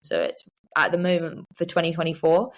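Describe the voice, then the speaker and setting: A woman's voice: low voice, very animated, a little fast. A young woman, chatting casually as a guest on an interview podcast, with lots of fillers and "like"s. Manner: chatty, many fillers and likes. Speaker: guest, professional cyclist.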